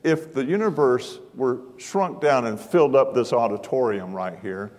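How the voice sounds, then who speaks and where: A man's voice: mid-range voice, normal speed, darkish tone. A man preaching a sermon in a large church auditorium, folksy and self-deprecating in manner. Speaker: guest preacher. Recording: long hall reverb.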